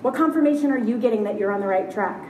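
A woman giving a live keynote talk at a conference, upbeat and candid, chatty, with quick asides. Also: fairly high pitch, darkish tone, a little hiss or hum. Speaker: keynote speaker. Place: large conference hall. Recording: roomy hall sound, heard from a distance.

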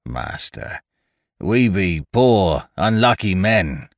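A man voicing a beaten, mournful pirate who speaks in rough rustic grammar. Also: fairly low pitch, animated, slow pace, a bit bright, no echo, studio quality, voice pushed up. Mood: pleading. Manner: pleading, mournful, dialect grammar.

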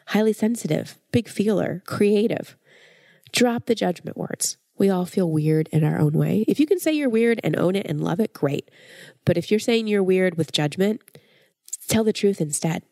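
A woman's voice: lowish voice, moderate pace, gravelly, warm tone, no room sound, clean studio sound. Stuffy-nosed woman giving earnest advice. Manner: earnest, encouraging, direct. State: stuffy, nasal from a cold. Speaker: podcast host and life coach. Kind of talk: advice monologue to listeners.

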